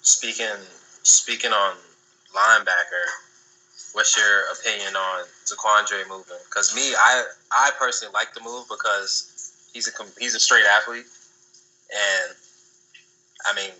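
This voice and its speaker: Young guy co-hosting, kinda low, flat, bright voice, asks questions casual. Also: a little slow, pauses often, low-quality recording. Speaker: podcast co-host. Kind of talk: casual podcast chat.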